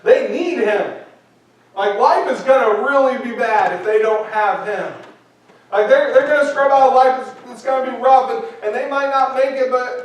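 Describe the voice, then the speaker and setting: A man with a high, light voice preaches a sermon, driving his points home by repeating them and acting out little quoted speeches. He sounds as if he is well away from the microphone, and the church around him rings with strong echo. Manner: earnest, repetitive preaching with acted-out quotes. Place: church sanctuary. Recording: echoey church hall from a distance.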